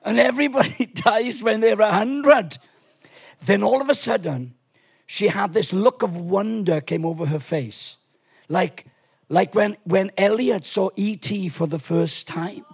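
Here a man in his sixties serves as guest preacher, delivering an unhurried sermon built around a story. His husky voice runs high for a man, and his easygoing, joking manner wanders, with plenty of restarted sentences as he addresses the congregation.

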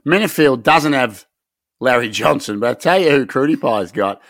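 A man's voice: mid-range voice, normal speed, dry recording, clean studio sound. An Australian man co-hosting a podcast, ranting in a rowdy, sweary way. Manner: rowdy, sweary, excitable rants. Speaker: podcast co-host. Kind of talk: hyped casual chat.

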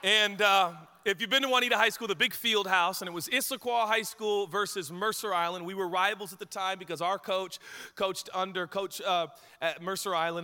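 Preaching in a church sanctuary that sounds like a large hall, this pastor from Washington state, USA, has a voice that sits high. He tells a self-deprecating, joke-filled story with lively anecdotes.

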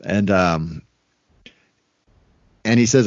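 Low-voiced guy rambling on a podcast, lots of ums, dry muffled lo-fi sound. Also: animated, normal speed, dry recording. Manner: rambling with many fillers and quoted asides. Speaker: podcast co-host. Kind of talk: casual podcast chat.

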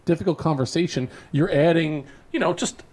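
A male podcast co-host with a slightly high voice talks casually. He is loud, emphatic and swears freely. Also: fairly quick.

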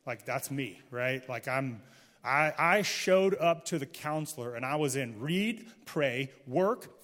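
A man's voice: mid-range voice, animated, slow pace, fairly bright tone, long reverb tail. A middle-aged man, a pastor, preaching a sermon to a live audience in a candid, conversational way, joking with the listeners. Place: church hall, before a live audience.

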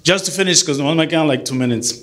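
A middle-aged man who is a deacon, giving an earnest, animated church talk to a group and mixing English with Spanish. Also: a little high, fast talker.

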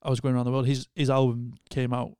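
A man's voice: mid-range voice, flat delivery, fast talker, a little mellow, smooth, dry recording, studio quality. A young man from Wigan with a Wigan accent, chatting casually and laid-back about touring, full of slang. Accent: Northern English, Wigan. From Wigan, England. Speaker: touring crew member, podcast guest. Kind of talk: casual chat.

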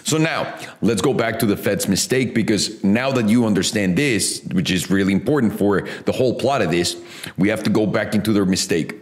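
A man with a lowish voice speaks at a normal pace as host of a casual finance commentary, talking bluntly and profanely. The room sounds echoey.

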